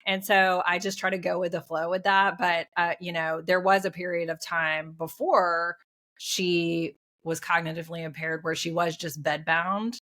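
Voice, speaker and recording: A middle-aged woman talks in a somewhat low voice. She shares caregiving stories easily, with plenty of fillers and ready agreement. Her tone is relaxed and conversational. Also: moderate pace. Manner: easygoing, filler-heavy, agreeable. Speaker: family caregiver. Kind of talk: casual conversation.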